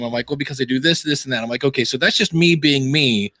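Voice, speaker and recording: A man's voice: medium pitch, fast talker, no echo, clean studio sound. A man who is a podcaster and author, chatting as a guest over a video call, self-deprecating and acting out the voices in his stories. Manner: self-deprecating, animated storyteller acting out quotes. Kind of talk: casual interview chat.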